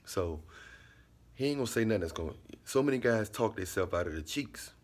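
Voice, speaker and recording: Man, low husky voice, relaxed repetitive monologue. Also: brisk. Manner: laid-back, repetitive, drops into quiet asides. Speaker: vlogger giving life commentary. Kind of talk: casual monologue.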